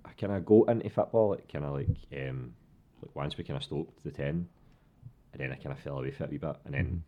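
Fast-talking deep-voiced Glaswegian man. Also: highs cut off. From Glasgow, Scotland. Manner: animated storyteller, swears freely, laughs often. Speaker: guest. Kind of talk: casual chat.

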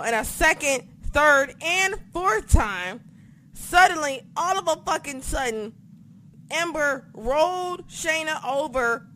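A woman with a fairly high voice tells stories in a casual chat from home. She talks in an excitable, foul-mouthed way. Faint background noise sits under her voice. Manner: profane, excitable, animated storytelling. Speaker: podcast co-host recapping wrestling. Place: home apartment.

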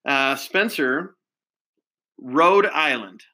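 A man's voice: a little high, extremely slow, bright, forceful tone, poor audio. A man hosting a casual quiz game, upbeat and full of praise, with lots of fillers. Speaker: quiz host.

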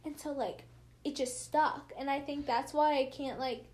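A woman's voice: sits high, fairly even intonation, normal speed. A young American woman with a slight lisp, chatting casually with friends in a rambling, laughing way full of fillers. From United States. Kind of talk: casual chat among friends.

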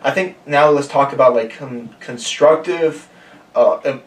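A man's voice: medium pitch, measured pace, reverberant, recorded from a distance, slight background noise. A man in his twenties hosting a casual podcast, talking in a laid-back, rambling way with many fillers. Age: 20s. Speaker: podcast host. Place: room shared with guests.

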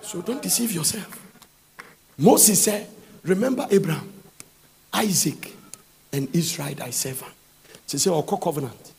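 A man preaching a sermon, reading Bible verses aloud and breaking into fervent, sing-song shouts. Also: a little high, animated, unhurried, gravelly, pauses often.

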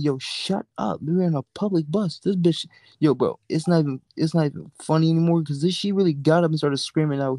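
Animated young man telling loud stories. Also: fairly high pitch, fast, no echo. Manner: animated storyteller, acts out voices, laughs often, swears freely. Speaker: podcast guest. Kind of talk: casual chat. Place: in a car.

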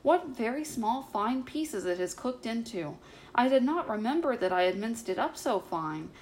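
A woman's voice: fairly high pitch, expressive, moderate pace, a little mellow, slight background noise, lightly acted. A woman voicing a fussy, anxious female dog guest in a children's story, talking politely and then panicking and whining. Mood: genteel.

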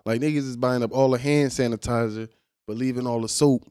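A young American man co-hosting a casual chat, blunt and animated, with a lot of profane banter. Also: mid-range voice, brisk, clear, resonant tone, no room sound, clean studio sound. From United States.

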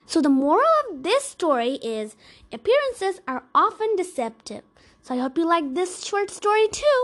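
Expressive high-voiced woman storyteller. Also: normal speed. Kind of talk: storybook reading.

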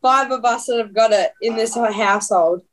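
A woman's voice: fairly high pitch, moderate pace, over a noisy crowd, poor audio. A woman talking as a podcast guest in a casual, filler-heavy way. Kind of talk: casual chat.

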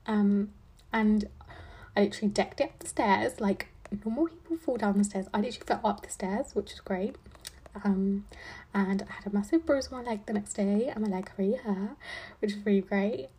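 A law student in her twenties hosts a casual podcast chat, her medium-pitched voice warm with a breathy edge at a normal speed. She rambles with heavy fillers, lots of "like" and "um," and a playful, dry sarcasm.

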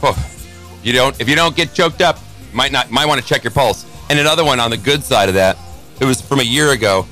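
A man from Chicago co-hosting a radio show, telling animated sports stories in casual banter. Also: medium pitch, faint music behind. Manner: animated storyteller, quick and bright.

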